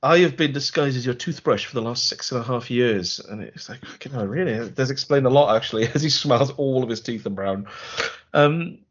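A man's voice: mid-range voice, fairly quick, lo-fi sound. A man co-hosting a podcast, recapping a film in a wry, rambling, sarcastic way. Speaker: podcast co-host. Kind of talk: casual film review chat.

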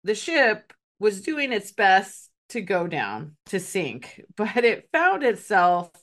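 A woman's voice: mid-range voice, big pitch swings, slow pace, fairly bright tone. A woman telling a story in a casual podcast chat. She laughs often and fills her talk with "like". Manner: chatty, laughs often, many "like" fillers.

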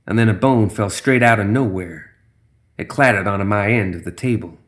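A man's voice: lowish voice, normal speed. A man narrating a first-person horror story in a tense, dramatic way.

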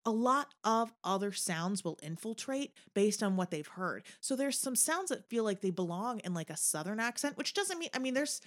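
A woman in a relaxed film chat who picks apart acting choices in detail. Her pitch sits in the middle for a woman, and she leaps up into sharp high exclamations when something delights her. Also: moderate pace, hardly any pauses. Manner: analytical, jumps into high exclamations. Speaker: podcast co-host. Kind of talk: casual film discussion.

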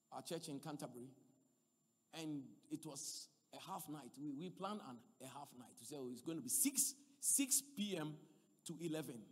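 A man preaching a sermon, swinging between loud emphatic passages and quiet asides. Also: medium pitch, breathy edge, big-room sound.

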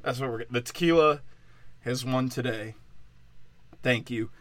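A man's voice: medium pitch, measured pace, a bit bright, dry recording. A tipsy man hosting a podcast, delivering a crude, rambling comedic monologue and often breaking off mid-thought. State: tipsy from tequila.

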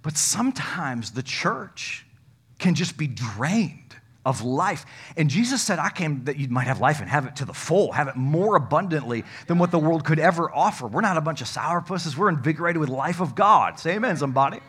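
A male pastor preaching a sermon, emphatic and folksy, joking with the congregation and swinging from loud to hushed. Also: on the high side, expressive, quick pace, few pauses, breathy edge.

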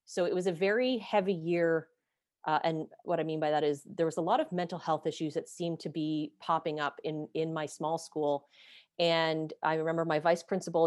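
Frank low-voiced woman, swearing freely. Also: dry recording, clean studio sound. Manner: blunt, swears freely, self-deprecating. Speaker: podcast host being interviewed. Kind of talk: candid personal storytelling.

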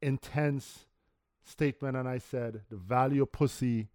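A man's voice: medium pitch, steady tone, measured pace, dark tone, dry recording, clean studio sound. A Canadian man co-hosting a podcast, provocative and argumentative, who repeats his points in casual chat. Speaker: podcast co-host.

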